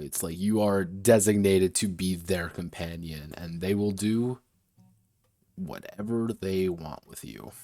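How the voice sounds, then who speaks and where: A man's voice: deep voice, a little mellow, dry recording. A man streaming as he designs a tabletop game, thinking aloud in a muttering way, often correcting himself and swearing casually.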